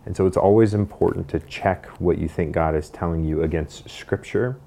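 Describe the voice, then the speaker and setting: A male pastor giving a calm, measured teaching sermon. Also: deep voice, creaky.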